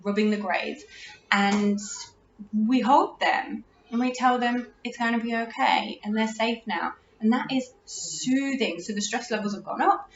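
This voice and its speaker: Une femme britannique d'âge moyen qui parle de façon décontractée, avec une voix assez aiguë. Elle se reprend souvent en milieu de phrase. L'enregistrement est lointain, réverbéré et un peu étouffé. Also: female voice, on the high side, slight background noise. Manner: chatty, restarts, warm laughs. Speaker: parenting podcast host. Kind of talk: casual advice talk. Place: room at home. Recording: roomy, distant, dull lo-fi audio.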